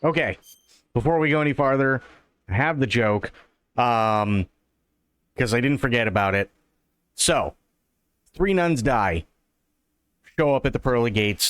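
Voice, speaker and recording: A man streaming a game live, telling a joke in a quick, animated way. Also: medium pitch, dry recording.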